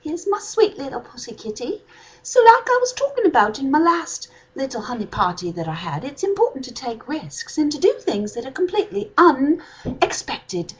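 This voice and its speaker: A woman's voice: high-pitched, huge pitch swings, normal speed, poor audio. A woman hosting a casual home vlog in a put-on British accent, chatty and playful. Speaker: vlog host.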